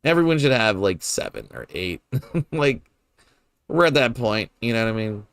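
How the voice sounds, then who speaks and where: Animated, swearing young man streaming games. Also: lowish voice, normal speed, gravelly, clear, resonant tone, no room sound, clean studio sound. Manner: rambling, swears freely, laughs often. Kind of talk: casual gameplay commentary.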